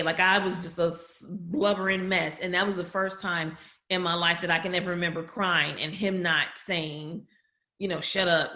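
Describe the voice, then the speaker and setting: On a podcast, a woman candidly and emotionally recounts a family story, quoting others in her own voice. She speaks in a lowish, pushed, bright voice that sounds roomy.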